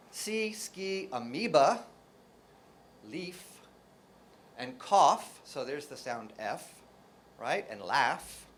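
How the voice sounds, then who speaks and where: A man from New Jersey with an American accent, a linguistics professor giving a joking academic lecture to a live audience, full of rhetorical questions and sounding out example words. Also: on the high side.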